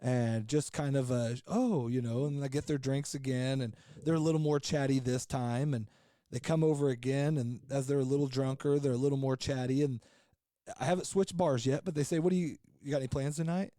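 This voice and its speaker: Podcast regular, male, mellow voice, frank and jokey, rambles with fillers; dry recording. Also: medium pitch, fairly even intonation, fairly quick, no echo. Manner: rambling, loose, with many fillers and restarts. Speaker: podcast co-host. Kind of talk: casual storytelling chat.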